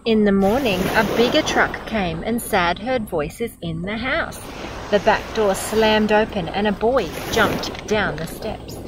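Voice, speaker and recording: A middle-aged Australian woman reads a picture book aloud outdoors by the water. She speaks slowly and gently at an ordinary pitch, adding warm asides between pages. Outdoor ambience and insect noise can be clearly heard around her. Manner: gentle, expressive, comments warmly between pages. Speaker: storyteller. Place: outdoors by a beach.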